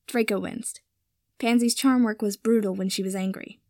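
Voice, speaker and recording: A woman narrating a story in a measured, even reading style. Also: medium pitch, no echo, clean studio sound.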